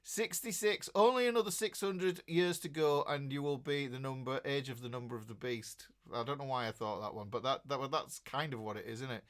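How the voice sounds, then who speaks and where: Fairly quick with few pauses, this middle-aged host's mid-range voice has a fairly bright tone and a Yorkshire accent. He runs a relaxed guitar livestream, rambling jokily and greeting viewers by name.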